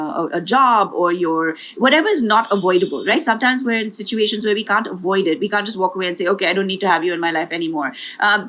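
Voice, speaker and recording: A woman's voice: medium pitch, fairly bright tone. A woman giving a tarot reading as a spiritual coach, speaking earnestly and encouragingly, often repeating herself and adding asides.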